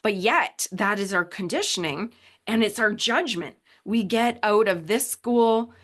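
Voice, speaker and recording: A woman talks through a motivational podcast on her own. She speaks emphatically and slips into the voices of doubts and inner chatter. Her pitch sits in an ordinary middle range. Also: a little slow, fairly bright tone. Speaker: podcast host. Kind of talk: motivational solo talk.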